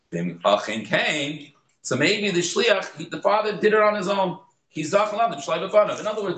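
A man teaching a Talmud class in a lively manner, explaining passages and acting out examples. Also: medium pitch. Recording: echoey room.

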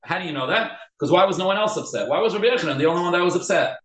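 A man teaching a Talmud class, animated and quick, with many restarts. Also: sits high. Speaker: Torah teacher. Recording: echoey room.

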